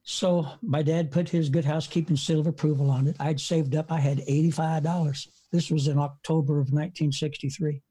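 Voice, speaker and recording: A husky, mellow-toned preacher in his seventies spins long folksy stories, wandering off on tangents and dotting them with fillers. His voice sits a touch high for a man but warm and soft at the edges. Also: flat delivery, fairly quick, hardly any pauses. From United States. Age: 70s. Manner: folksy, rambling storyteller with frequent uh fillers. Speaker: evangelist preacher. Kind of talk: storytelling in an interview. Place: home front porch.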